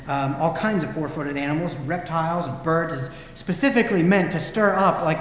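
A man gives a sermon in a relaxed, storytelling manner, his voice sitting a little high. He is heard in a big hall that rings with strong, lingering echo. A faint hum of ambience sits under his words. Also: a little fast, hardly any pauses. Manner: conversational storytelling, acts out quotes. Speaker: pastor.

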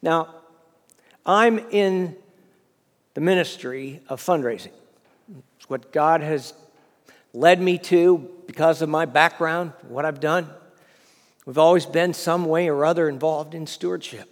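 A man preaching a sermon, telling the story in an animated way and often repeating words. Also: a little high, unhurried, pauses often, in a large hall. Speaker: preacher, fundraising minister.

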